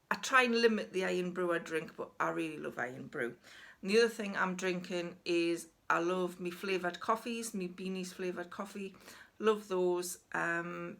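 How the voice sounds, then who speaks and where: A woman's voice: fairly low pitch, a bit bright. A Geordie woman in her sixties, chatting casually and frankly to camera in a rambling, self-deprecating way. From North East England. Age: 60s. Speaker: vlogger.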